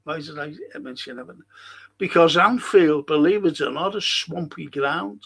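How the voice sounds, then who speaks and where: A man's voice: on the high side, expressive, normal speed, vocal fry, a bit bright, husky. A man with a Liverpool accent hosting a casual live stream, chatting and answering viewer comments as he reads them out. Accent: Liverpool (Scouse).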